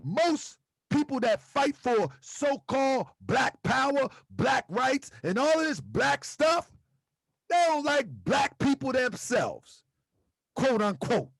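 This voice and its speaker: A man's voice: very high-pitched, very animated, slow, vocal fry, no echo, studio quality. A man hosting a livestream, lecturing his chat in a preachy way with repeated rhetorical questions. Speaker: host.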